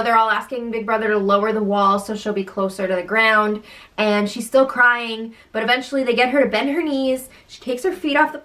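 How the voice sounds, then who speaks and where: Giggly chatty woman, slightly high voice. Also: a bit bright. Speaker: podcast co-host. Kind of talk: casual recap chat.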